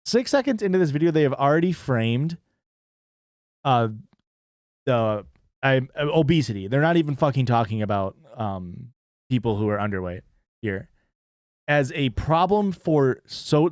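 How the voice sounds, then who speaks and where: Sarcastic, rambling streamer with a lively voice. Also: medium pitch, measured pace, no room sound, clean studio sound. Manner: rambling, sarcastic, lots of swearing and fillers. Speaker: stream host reacting to a TV show. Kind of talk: casual reaction commentary.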